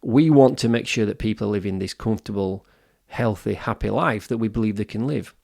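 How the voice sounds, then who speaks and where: Guy in his 50s, gravelly voice, earnest opinionated podcast chat, keeps restarting. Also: lowish voice, a little fast, darkish tone. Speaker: podcast co-host. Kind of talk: casual podcast discussion.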